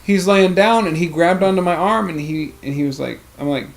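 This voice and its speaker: A man's voice: high-pitched, moderate pace. A young man hosting a let's play, telling rambling stories in casual chat, swearing freely and laughing often. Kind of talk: casual chat over gameplay.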